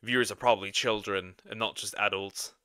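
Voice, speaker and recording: A man reacting to a video as a streamer, in animated casual commentary with sudden loud outbursts. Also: lowish voice, fairly quick, clean tone, no echo.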